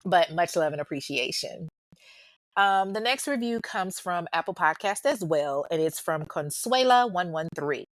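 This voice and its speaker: A woman's voice: fairly low pitch, lively intonation, unhurried, no room sound. A woman hosting a true crime podcast, talking casually and bluntly to her listeners, swearing freely and calling them y'all. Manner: chatty, informal, addresses listeners as y'all. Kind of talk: casual podcast chat and outro.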